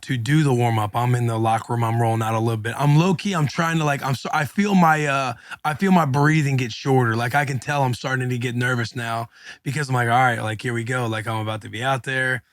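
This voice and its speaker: Speaking fairly quickly in a dry recording, the podcast co-host, once an NFL linebacker and now in his thirties, spins a casual, slang-filled story and acts out what people said. His pitch is medium and his tone steady.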